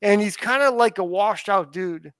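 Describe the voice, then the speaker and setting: A man's voice: sits high, normal speed, a bit bright, dry recording. A man in casual podcast chat, rambling with restarts and casual swearing. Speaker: podcast co-host.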